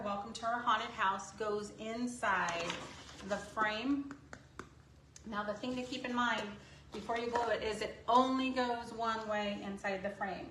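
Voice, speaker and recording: A woman's voice: fairly high pitch, a bit bright, reverberant, slight background noise, rough recording. A woman hosting a casual painting tutorial at her craft table, chatty and making self-deprecating asides.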